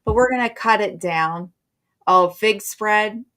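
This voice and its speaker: A woman's voice: medium pitch, slow pace, fairly bright tone. A middle-aged woman hosting a live stream, chatting casually and rambling in a friendly way.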